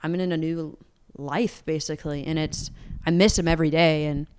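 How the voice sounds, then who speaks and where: A woman's voice: low-pitched, fairly even intonation, moderate pace, darkish tone, clear, resonant tone. A young woman singer-songwriter talking openly in an interview, earnest and candid, peppering her speech with "like.". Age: young adult. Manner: earnest, open, heavy use of "like".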